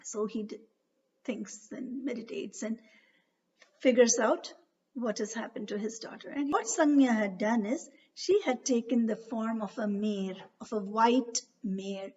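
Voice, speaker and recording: A woman narrating a myth as a storyteller, unhurried and with frequent hesitations. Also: fairly high pitch, a little mellow, breathy edge. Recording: dull, distant recording.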